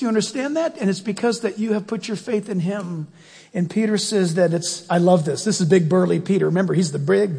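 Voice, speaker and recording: A man preaching a sermon in a church, animated and emphatic, firing rhetorical questions at the congregation. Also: high voice, gravelly, husky, long reverb tail. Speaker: pastor.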